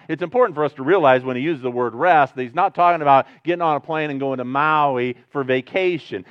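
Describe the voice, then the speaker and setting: A man preaching in a fairly high voice, earnest and moving between hushed and emphatic. The recording sounds a little dull and dry, close and without room echo. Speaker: pastor. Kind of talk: sermon.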